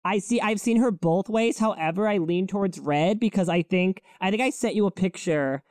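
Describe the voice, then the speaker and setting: A man co-hosting a casual podcast chat, telling stories animatedly and acting out quotes in a higher voice. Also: moderate pace, a little mellow, no echo, clean studio sound. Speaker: podcast co-host.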